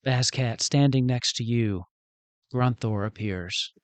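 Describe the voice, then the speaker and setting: A man narrates a tabletop game as game master, slow and measured and building the drama. His voice sounds close and dry. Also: medium pitch, no echo.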